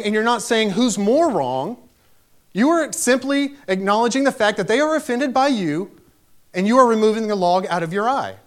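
A man preaching a sermon, telling a personal story with emphatic delivery that rises to raised exclamations. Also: high-pitched.

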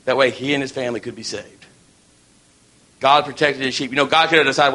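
A man's voice: medium pitch, fairly even intonation, fairly quick, bright, forceful tone. A man preaching a sermon in a folksy, storytelling way.

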